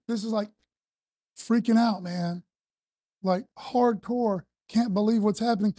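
A woman's voice: medium pitch, fairly even intonation, normal speed, dark tone, breathy edge, no echo. Casual, slangy woman preacher. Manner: conversational, slangy, emphatic. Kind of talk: sermon.

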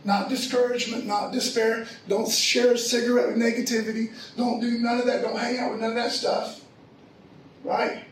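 High-voiced casual preacher in an echoey room. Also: male voice, little pitch movement, moderate pace, distant mic, slight background noise. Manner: casual storytelling, slangy. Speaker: pastor. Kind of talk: sermon.

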